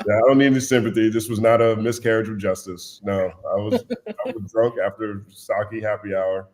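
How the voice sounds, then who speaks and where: A man with a low voice talks in a blunt, animated way. He chats casually as a podcast guest and tells stories with energy. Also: brisk. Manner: animated, blunt storyteller, puts on voices when quoting.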